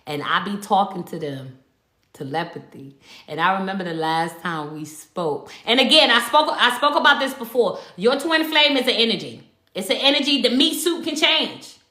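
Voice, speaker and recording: Animated woman telling a spiritual story. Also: mid-range voice, moderate pace. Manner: animated storytelling, emphatic, swears freely. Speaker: spiritual livestreamer. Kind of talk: casual livestream chat. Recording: echoey room.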